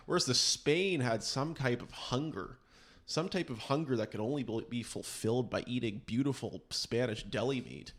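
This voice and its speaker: A man hosting a podcast, rambling through casual chat with sarcastic, mock-serious asides. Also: medium pitch. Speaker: podcast host.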